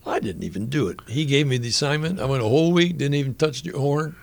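Older male interview guest, gravelly voice, earnest and reflective storyteller, halting delivery with restarts. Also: medium pitch. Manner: halting, with frequent restarts and fillers. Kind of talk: personal storytelling in conversation.

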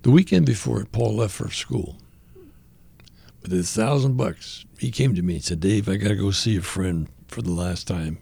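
An older man telling a personal story as a radio guest, animated, acting out the voices of the people he quotes. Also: lowish voice, normal speed, creaky, breathy edge. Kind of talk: conversational testimony.

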